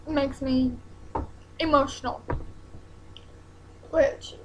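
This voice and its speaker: High-pitched, halting young woman vlogging. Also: steady tone, slight background noise, rough recording. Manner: hesitant, halting, many ums and restarts. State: close to tears. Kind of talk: emotional personal vlog.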